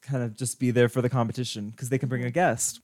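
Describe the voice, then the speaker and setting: A co-host with a mid-range voice adds plot details in a plain, matter-of-fact way during a relaxed movie chat. The recording is close and dry. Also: medium pitch, quick pace, no echo. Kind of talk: casual movie recap chat.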